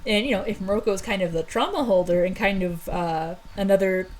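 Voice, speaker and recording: A woman casually recapping old stories, rambling with lots of fillers and quick laughs. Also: medium pitch, darkish tone, slight background noise, rough recording. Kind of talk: casual chat.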